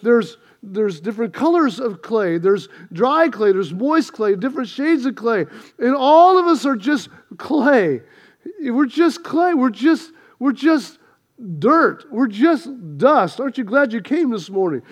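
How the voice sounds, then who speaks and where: A man's voice: very high-pitched, very animated, measured pace. A male pastor preaching a sermon, building emphasis and mixing in humor.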